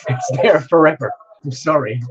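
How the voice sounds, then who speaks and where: A man's voice: fairly high pitch, moderate pace. Playful chatty man on a stream. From United States. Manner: chatty and playful, laughs often, reads out viewer names. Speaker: tarot reader hosting a live stream. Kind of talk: casual live-stream chat greeting viewers. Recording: dull lo-fi sound with music behind. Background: music playing.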